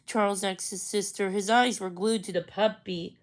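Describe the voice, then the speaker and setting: A woman reading a children's book aloud, narrating slowly, carefully and expressively. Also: mid-range voice, fairly even intonation, rough recording. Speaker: storybook reader.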